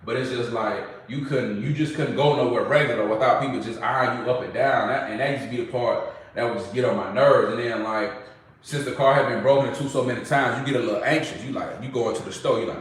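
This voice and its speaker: A young man with a drawl talks casually to his viewers. His storytelling is loose, slangy and animated. He sits well back from the mic, and a very echoey room rings around his voice. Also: medium pitch, quick pace, far from the mic. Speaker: vlogger.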